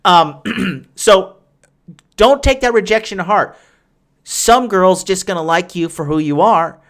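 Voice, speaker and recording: Fairly bright in tone and on the high side, a young man's voice carries a podcast where he answers listener questions. His casual monologue wanders, boastful and crude, packed with fillers and restarts.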